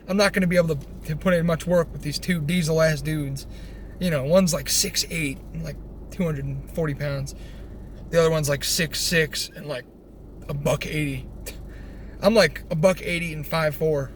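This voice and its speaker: A young man telling a rambling personal story, animated, swearing freely and restarting his sentences. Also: a little high. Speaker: vlogger. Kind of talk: casual storytelling. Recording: faint background noise.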